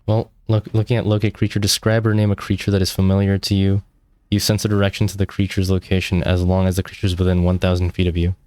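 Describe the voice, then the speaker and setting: A man running a tabletop game as game master, giving rulings in a teasing, deadpan way. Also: sits low, fast, dry recording. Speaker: dungeon master.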